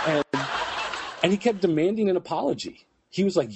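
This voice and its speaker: A man's voice: fairly high pitch, lively intonation, brisk, a little mellow, slightly rough, dry recording. A man on a casual podcast, telling a long rambling anecdote full of fillers. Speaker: podcast co-host. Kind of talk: casual storytelling chat.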